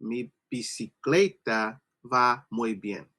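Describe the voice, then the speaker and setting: Hesitant slow-talking male student. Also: mid-range voice, bright, forceful tone. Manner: hesitant, careful repetition. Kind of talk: practicing pronunciation in a lesson.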